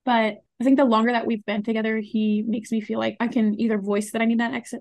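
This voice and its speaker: A woman's voice: on the high side, flat delivery, fast, gravelly, a little mellow. A woman co-hosting a podcast, talking in a reflective, casual way with lots of fillers. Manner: reflective, uses many fillers. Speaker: podcast co-host. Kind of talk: casual chat.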